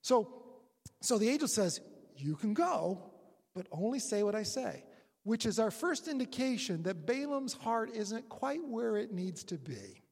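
A preacher gives a sermon as lively storytelling, acting out characters with quoted lines while the pitch leaps all over. There's a breathy, husky edge to the voice, and long reverb makes it sound like a large church hall.

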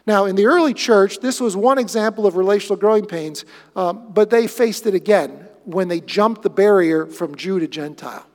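A male pastor delivers a sermon with a high voice. He is animated, swings from excited bursts to hushed asides, and his voice rings through an echoey hall.

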